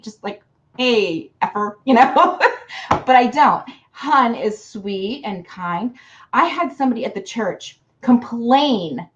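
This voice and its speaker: A woman's voice: mid-range voice, lo-fi sound. A woman giving casual card readings to viewers on a livestream, chatty and affectionate, calling people hun. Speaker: card reader.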